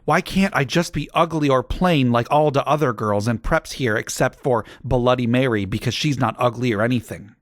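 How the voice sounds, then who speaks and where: A man voicing a melodramatic goth teenage girl, shouting in an overwrought way. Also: mid-range voice, moderate pace, hardly any pauses, dry recording, studio quality, lightly acted. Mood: indignant.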